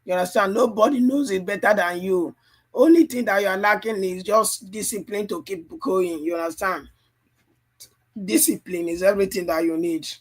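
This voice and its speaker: A man whose voice sits high speaks at normal speed as he runs a live trading stream, breaking down charts and coaching. Strained and worn out, he repeats himself and keeps checking in with "you understand?"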